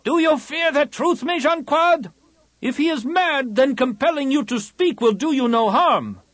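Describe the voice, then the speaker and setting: A man voicing a fierce alien warrior who shouts challenges at a crowd in an audiobook. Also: on the high side, big pitch swings, moderate pace, breathy edge, no room sound, pitched above the performer's own voice, exaggerated voice. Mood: challenging. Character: alien warrior woman, shrill, high-pitched.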